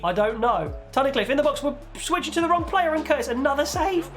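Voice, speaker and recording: A man's voice: extremely high pitch, fast talker, faint music behind. A young man giving casual, exasperated play-by-play on his own football video game. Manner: animated, exasperated play-by-play with pleading outbursts. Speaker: gaming YouTuber commentating his own match. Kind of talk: casual live game commentary.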